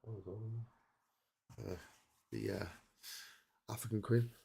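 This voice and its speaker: A man's voice: lowish voice, fairly even intonation, takes it slowly, creaky, heavy background noise. A middle-aged man hosting a long solo livestream, tired and chatting in a rambling, self-interrupting way. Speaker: livestream host. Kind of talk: casual livestream chat. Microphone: streaming setup mic.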